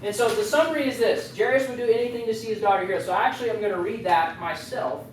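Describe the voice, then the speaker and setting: A youth leader gives a loose, joking sermon and keeps wandering into chatty asides. The voice sits at a middling pitch and comes from well back from the mic. It rings in a very echoey room over a faint background hiss. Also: quick pace, recorded from a distance. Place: youth group meeting room.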